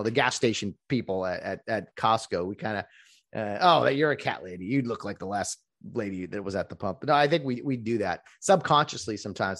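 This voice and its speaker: A man who works as a rideshare driver, talking casually in a rambling vlog monologue. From California. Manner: rambling, restarts often, lively pitch.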